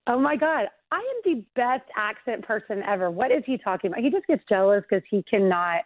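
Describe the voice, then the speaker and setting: A woman's voice: medium pitch, very animated, a little fast, dry recording. A woman radio host chatting over a phone call, bubbly, laughing and emphatic, a little congested. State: congested voice from allergies. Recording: tinny phone line, dry.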